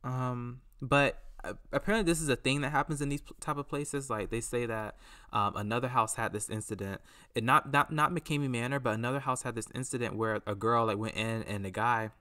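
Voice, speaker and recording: A man hosting a podcast, talking in a casual, rambling and animated way, often acting out what people said. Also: mid-range voice, a little fast. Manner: rambling, animated, acts out quotes. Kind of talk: casual solo commentary.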